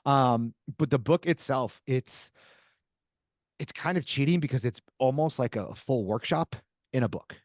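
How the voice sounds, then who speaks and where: A middle-aged man on a podcast, telling stories lively and acting out both sides of a conversation. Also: mid-range voice, a little slow, dry recording. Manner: animated storyteller acting out dialogue. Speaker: podcast guest, author. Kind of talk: casual interview conversation.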